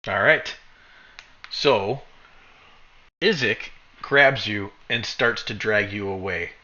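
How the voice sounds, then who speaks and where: A man's voice: lowish voice, sharp tone. A man running a tabletop game as game master, narrating in a rambling way and correcting himself as he goes. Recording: dull lo-fi recording.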